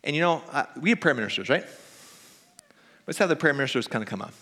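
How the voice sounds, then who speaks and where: Fast and animated, a male pastor speaks in a medium-pitched voice that sounds pushed and bright. He moves from conversational talk into emphatic preaching, frequently adding "right?", with the church hall's reverb audible.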